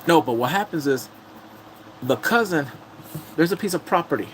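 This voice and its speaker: A young man casually recapping episodes of a drama, telling it in an animated, blunt way with casual swearing. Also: fairly high pitch, normal speed, slight background noise.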